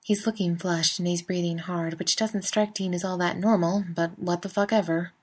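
A woman's voice: lowish voice, fairly even intonation, normal speed. A woman narrating a fan fiction story in a wry, conversational way. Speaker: reader. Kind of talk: fan fiction audiobook reading.

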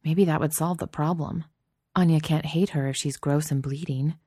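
Low mellow-voiced woman reading a story aloud, steady and soft, dry sound. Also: moderate pace, husky, dry recording. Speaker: narrator. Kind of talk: audiobook narration.

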